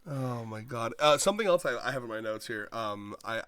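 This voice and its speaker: Animated, rambling male podcast co-host. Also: mid-range voice, a little fast, no echo. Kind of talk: casual chat reviewing a manga chapter.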